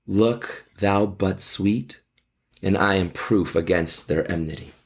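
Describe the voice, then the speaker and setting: A man voicing a bold, devoted young male lover, declaiming old verse with slow emphasis. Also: low voice, breathy edge, exaggerated voice. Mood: ardent.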